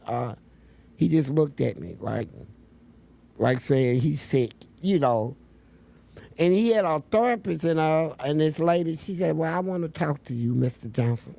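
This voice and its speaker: A man's voice: fairly high pitch, measured pace, vocal fry, warm tone. A man telling blunt, profane stories as a guest in an interview. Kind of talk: storytelling interview.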